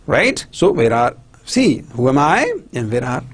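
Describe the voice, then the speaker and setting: A man's voice: mid-range voice, sing-song, unhurried, husky. A man from Pakistan with a Pakistani English accent, giving a recorded university lecture, repeating himself and often checking that students follow. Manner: repetitive, checks understanding often, many restarts.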